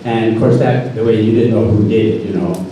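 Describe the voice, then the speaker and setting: Casting: older man, mellow dark voice, dry folksy live storyteller, distant mic in an echoey hall. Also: on the low side, fairly quick, slight background noise. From North Carolina.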